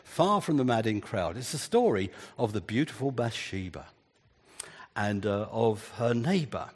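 A man's voice: on the low side, very animated, a little slow, slightly rough, long reverb tail. An older man preaching a sermon in an earnest way, building emphasis through repeated phrases.

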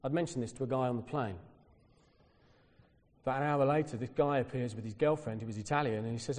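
Preacher in an echoing hall. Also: male voice, medium pitch, fast, pauses often. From Britain. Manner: storytelling, animated when quoting others. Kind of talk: sermon.

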